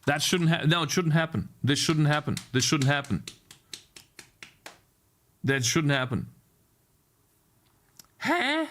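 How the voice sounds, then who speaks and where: A young man live-streams his game programming, talking to chat as he debugs and swinging between irritation and delight. He swears and mutters repeated phrases to himself in a fairly high, fairly bright voice with big pitch swings. He takes it slowly and pauses often.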